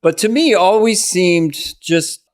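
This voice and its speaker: A man's voice: high voice, slow, no echo, clean studio sound. A middle-aged man co-hosting a podcast, telling stories in casual chat and imitating the voices of the people he quotes. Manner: animated storyteller who mimics the people he quotes. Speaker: podcast co-host.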